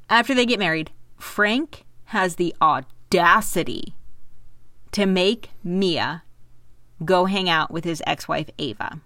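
A young woman co-hosting a casual chat, telling a story in an animated way and swearing freely. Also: on the low side, slow, no room sound. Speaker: podcast co-host, storyteller.

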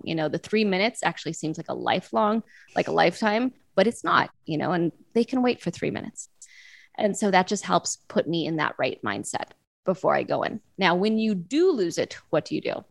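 A woman's voice: on the low side, animated, a little fast, gravelly, no room sound. A woman, probably in her thirties, giving casual, earnest parenting advice in an interview, with frequent fillers and restarts. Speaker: parenting guest.

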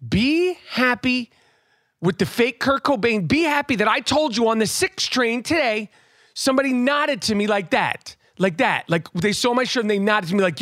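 A man hosting a podcast, teasing his co-host in rapid, loud banter. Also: high voice, expressive, no echo, clean studio sound.

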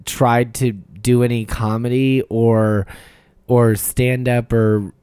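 A podcast guest who hosts nightlife events, talking casually in a relaxed, drawn-out way with fillers. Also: medium pitch, clear, resonant tone, dry recording, studio quality. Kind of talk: casual interview chat.

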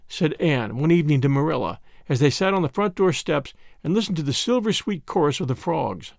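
A man narrating a storybook in an expressive reading. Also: on the high side, a little fast, creaky, few pauses, no echo, studio quality. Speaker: audiobook narrator. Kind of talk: scripted narration.

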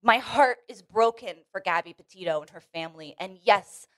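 A woman's voice: medium pitch, animated, normal speed, no room sound. A woman co-hosting a casual podcast chat, earnest and opinionated, restarting her sentences often. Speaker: podcast co-host. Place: Los Angeles.

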